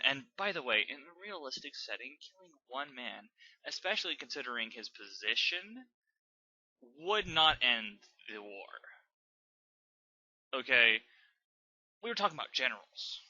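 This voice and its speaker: A young man who hosts a channel reviewing fanfiction reads it aloud dramatically, then rants about it with exasperation and sarcasm, swearing often. His medium-pitched voice is very animated and sharp, unhurried, with frequent pauses. There's no echo, but the highs are cut off.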